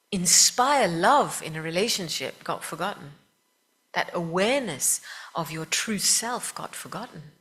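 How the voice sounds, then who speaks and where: A woman leads a meditation talk in an unhurried, measured way, her voice sitting a little low. She speaks gently, puts questions to the audience and often sinks into a soft whisper. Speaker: spiritual teacher. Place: room with a live audience.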